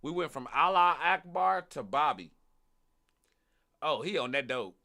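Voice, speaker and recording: A man's voice: fairly high pitch, animated, measured pace. A man streaming live reactions to videos, talking loosely and profanely, often repeating himself. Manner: loud, profane, repeats himself, laughing asides. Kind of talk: casual live reaction commentary.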